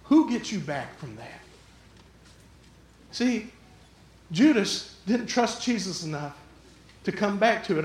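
A man preaching a sermon, lively and jokey, acting out the people in the story. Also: high voice, slow pace, pauses often, reverberant. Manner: lively, jokey, acts out the quotes. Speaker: pastor.

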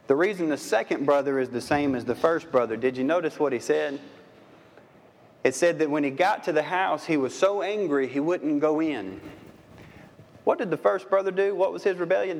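A pastor giving a sermon in a folksy, conversational way, throwing rhetorical questions at his listeners. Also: fairly high pitch. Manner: asks the audience many rhetorical questions. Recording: long reverb of a large hall.

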